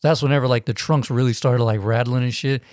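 Brief: man in casual podcast chat, mid pitch, rambling profane storyteller, dry close sound. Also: fairly even intonation, fast, darkish tone, no echo. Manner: rambling, profane, many restarts.

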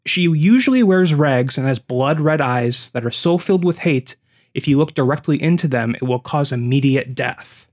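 A man with a mid-pitched voice talks through old legends for a podcast. He explains things in an easy, conversational way and now and then checks in with his co-host. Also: lively intonation, moderate pace, a little mellow. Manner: storytelling, explaining folklore from notes. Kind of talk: casual podcast chat.

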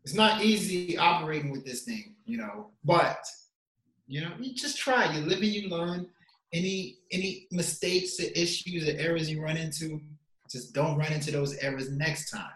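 A man's voice: on the high side, moderate pace, a bit bright, roomy sound, low-quality recording. A man co-hosting a podcast in casual chat, laid-back and joking about himself, talking over a video call. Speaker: podcast co-host.

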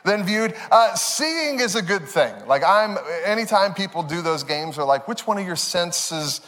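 A man's voice: high voice, measured pace. A man in his thirties, a pastor preaching a sermon, telling family stories with frequent laughs and fillers. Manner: animated, laughing through stories, many fillers. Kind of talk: sermon with personal storytelling. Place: church sanctuary. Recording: long reverb of a church hall.

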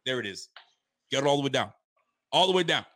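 A man's voice: medium pitch, expressive, quick pace, a bit bright, slight background noise. A man hosting a live stream, recapping a football game with hyped, joking, rhetorical delivery. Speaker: fan channel host.

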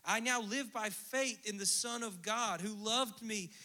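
A man preaching a sermon, swinging from hushed asides to emphatic, rhythmic declarations. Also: high-pitched, measured pace. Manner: animated preaching, dropping to near-whispers and rising to emphatic bursts. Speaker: pastor.

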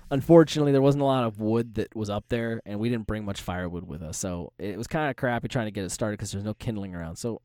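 A man with a warm voice on the low side co-hosts a podcast, telling a story in casual chat with frequent laughter and free swearing. The audio is clean studio sound with no room sound.

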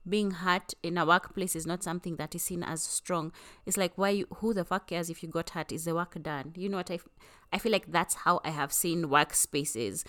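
A woman co-hosting a podcast, talking in a blunt, animated, casual way and swearing freely. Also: fairly low pitch. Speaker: podcast co-host. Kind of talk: casual chat.

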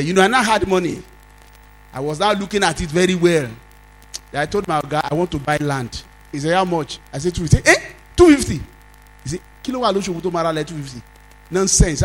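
Animated Nigerian pastor telling a story. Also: male voice, rough recording. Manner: animated, swings from loud exclamations to low asides, acts out laughter. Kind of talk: storytelling sermon.

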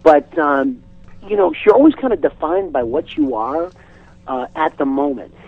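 A comedian guest on a radio talk show, a man telling an animated, chatty story and restarting his sentences often. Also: a little high, normal speed, gravelly, no room sound, phone-quality sound, soft background music. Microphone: studio microphone.

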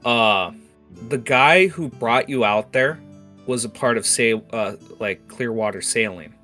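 A man's voice: medium pitch, a little slow, bright, forceful tone. A man narrating as game master of a tabletop game, rambling with restarts, over faint guitar music. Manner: rambling, many fillers and restarts.

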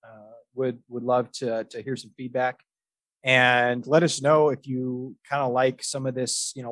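A man's voice: mid-range voice, no echo. A man hosting a podcast in casual chat, telling stories in a rambling way with lots of fillers and restarts. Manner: rambling storyteller, many fillers and restarts, laughs often. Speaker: podcast host.

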